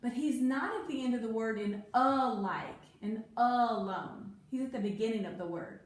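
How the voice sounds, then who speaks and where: Patient woman teacher in an echoey room. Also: a little high. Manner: patient, drawn-out emphasis on key words. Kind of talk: one-on-one phonics lesson. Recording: very echoey room, faint noise.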